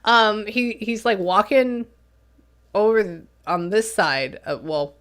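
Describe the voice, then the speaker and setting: A woman medium rambles through a casual reading, chatty and loose. She keeps reaching for fillers as she thinks out loud, at an ordinary middle pitch. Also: slow. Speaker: spiritual medium.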